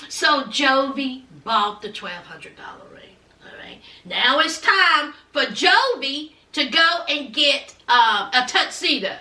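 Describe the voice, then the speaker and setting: A high-pitched woman gives a slow, chatty recap of a reality show, full of sass and asides to her viewers. She acts out what the people on the show said with big jumps in pitch and loudness. She sits a little away from the mic, and the room echoes. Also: animated, far from the mic. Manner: sassy and chatty, addressing viewers as y'all and honey; acts out quotes with big swings in pitch and volume. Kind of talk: casual recap commentary.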